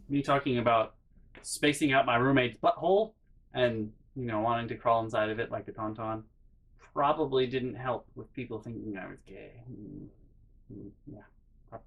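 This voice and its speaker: Animated young man telling stories. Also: mid-range voice. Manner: animated, acts out voices and sound effects, swears casually. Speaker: vlogger telling college stories. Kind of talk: casual storytelling vlog.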